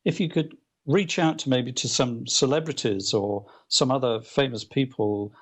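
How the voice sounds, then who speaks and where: A male author, appearing as a guest in a casual interview, tells anecdotes in a mid-range voice at normal speed. He's animated, restarting often and using lots of fillers.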